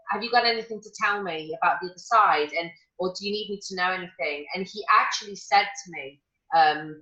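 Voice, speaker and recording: Bright woman in an echoey room. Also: mid-range voice. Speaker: guest. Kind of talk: casual chat.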